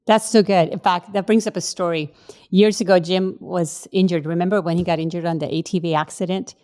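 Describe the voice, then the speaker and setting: A middle-aged woman from Puerto Rico chats on a faith podcast, pitched a little low. She tells her stories with energy and jumps into the voices of the people she quotes. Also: brisk. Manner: animated storyteller, acts out quotes with big pitch jumps. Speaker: co-host. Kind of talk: casual faith podcast chat.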